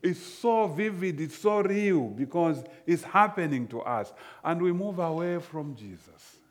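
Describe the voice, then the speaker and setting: A man preaching a sermon slowly and emphatically, often repeating phrases. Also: fairly high pitch, expressive.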